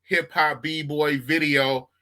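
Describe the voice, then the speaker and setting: A man's voice: fairly high pitch, fairly even intonation, takes it slowly, sharp tone. A man hosting a podcast, bantering with his guest in a joking, slangy way. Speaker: podcast host. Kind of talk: casual chat.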